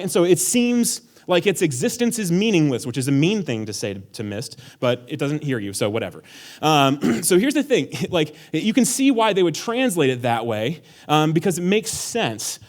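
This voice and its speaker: A man giving a casual sermon as pastor, joking and sarcastic, talking conversationally with many fillers. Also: fairly high pitch. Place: church hall.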